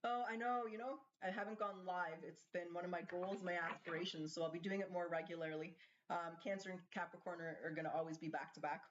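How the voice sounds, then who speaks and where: A woman's voice: fairly low pitch, fairly even intonation, fast, a little hiss or hum. A woman doing a casual tarot card reading, chatting and thinking aloud as she asks the cards questions. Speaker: tarot reader. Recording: slightly dull lo-fi sound.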